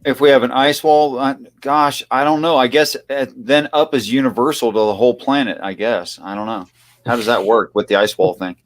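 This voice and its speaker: A man calling in to a live stream for a casual chat, with joking, deadpan quips. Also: mid-range voice, a little fast, soft background music. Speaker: caller.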